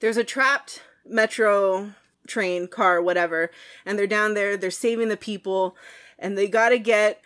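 A woman in her thirties co-hosting a casual movie podcast, telling a story in an emotional, rambling way and laughing often. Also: mid-range voice. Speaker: podcast co-host.

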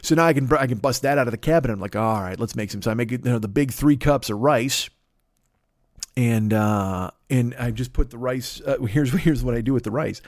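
A man's voice: medium pitch, brisk, no room sound, clean studio sound. A man in his fifties telling a rambling, crude comic monologue as a podcast host. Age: 50s. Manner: rambling, crude, animated storytelling.

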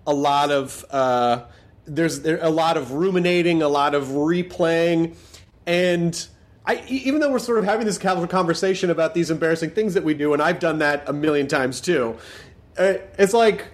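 A man's voice: fairly high pitch, normal speed. A man hosting a podcast, chatting casually and asking reflective, probing questions. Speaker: podcast host. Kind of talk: casual interview chat.

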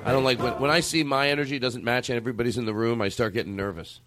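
A man's voice: medium pitch, racing, fairly bright tone, soft background music. A man hosting a comedy podcast, rambling and going off on tangents. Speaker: podcast host. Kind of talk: improvised comedy chat.

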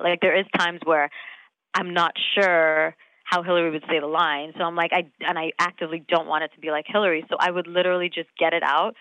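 A woman in her thirties, an actress talking casually in an interview, animated, laughing often and full of fillers. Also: on the low side, no echo, poor audio. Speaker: actress guest.

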